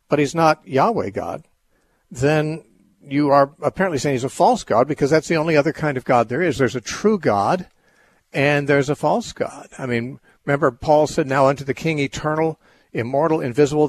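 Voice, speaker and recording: Male radio call-in host, measured and patient, dry close mic. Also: medium pitch, no echo. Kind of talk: call-in radio Bible discussion.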